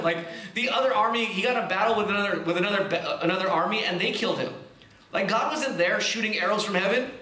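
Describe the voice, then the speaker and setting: A man preaching a sermon, reading scripture slowly and explaining it in a lively, conversational way with casual asides. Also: high-pitched, reverberant. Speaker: pastor.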